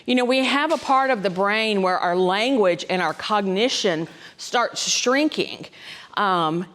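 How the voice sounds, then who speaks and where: A woman's voice: medium pitch, expressive, measured pace, fairly bright tone. A woman, a dementia specialist giving a folksy, conversational talk to caregivers, often checking in with "right?". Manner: conversational, folksy, frequent ums and asides, keeps checking in with "right?".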